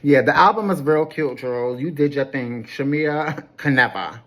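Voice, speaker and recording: A woman's voice: low voice, lively intonation, unhurried, slight background noise. A woman giving a casual, sassy recap of a reality episode, gossipy and dramatic, calling people honey. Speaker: recap host.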